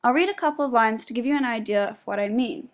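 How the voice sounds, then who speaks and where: A young woman reading a spoken essay aloud in a measured, explanatory way, presenting her own analysis of poetry. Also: on the high side. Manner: measured and explanatory, stressing syllables when demonstrating meter.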